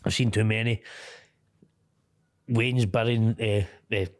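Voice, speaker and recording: A man's voice: on the low side, little pitch movement, slow, dry recording, clean studio sound. A middle-aged Scottish man talking candidly as an interview guest, blunt, swearing casually and laughing easily.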